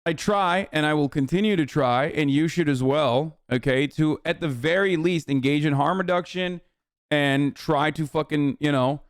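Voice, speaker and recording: A male streamer rambling through live political commentary in a smooth, clear voice that sits a bit high for a man. The sound is dry and close. He swears a lot and hammers his points home. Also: moderate pace, no echo. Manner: profane, rambling, emphatic.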